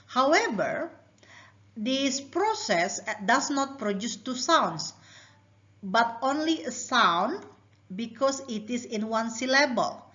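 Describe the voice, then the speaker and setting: A woman from Indonesia, giving a recorded linguistics lecture in a measured way, reading out example words one by one. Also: on the high side, big pitch swings, pushed and bright. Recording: dull lo-fi recording.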